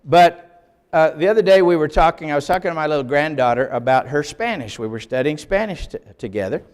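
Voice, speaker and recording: A man's voice: fairly high pitch, lively intonation, brisk, darkish tone, smooth. An older man giving an emphatic classroom lecture on the Bible, explaining step by step and asking for the next slide. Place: lecture hall. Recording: long hall reverb.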